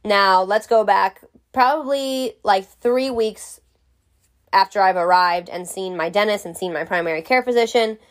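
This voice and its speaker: A woman's voice: mid-range voice, a little slow. A woman vlogger telling a story to camera in a casual way. She is frank, jokey and swears freely.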